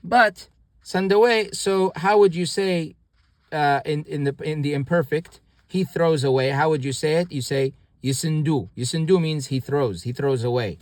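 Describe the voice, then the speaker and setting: Halting man teaching grammar. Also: fairly high pitch, no room sound, studio quality. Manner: halting, many restarts and fillers, repeats words slowly for learners. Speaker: language teacher. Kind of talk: casual online grammar lesson.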